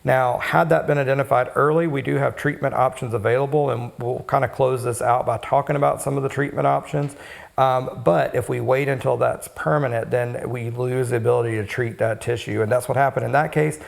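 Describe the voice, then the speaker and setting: A man who works as a cosmetic injector, co-hosting an educational podcast and explaining steadily with frequent pauses. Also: mid-range voice, fairly even intonation, creaky.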